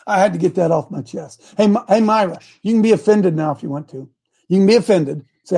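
A man hosting a Christian talk show as a coach, preaching emphatically, repeating key words slowly and calling out to his crew by name. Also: high-pitched, gravelly, warm tone, breathy edge. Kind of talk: fiery preaching-style talk to viewers.

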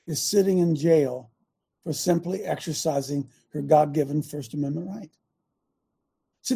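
A man's voice: sits high, gravelly, warm tone, breathy edge. A man hosting a talk show, commenting in an emphatic, preachy way. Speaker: host.

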